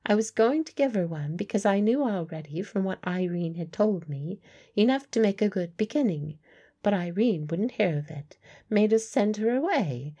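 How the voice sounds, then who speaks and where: A woman's voice: fairly low pitch, mellow, slightly rough, muffled recording. A woman playing a blunt working-class medium.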